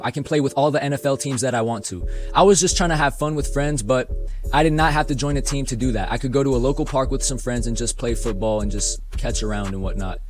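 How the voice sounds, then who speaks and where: A young man narrating a casual, self-mocking storytime with plenty of swearing. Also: mid-range voice. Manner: laid-back, self-mocking, profane.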